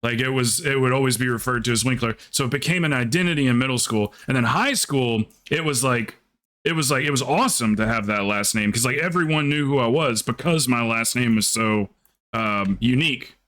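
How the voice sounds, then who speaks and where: A man's voice: mid-range voice, fairly quick, fairly bright tone. A man from South Carolina, streaming a game and telling rambling, joking stories in casual chat. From South Carolina, USA. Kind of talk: casual chat while gaming.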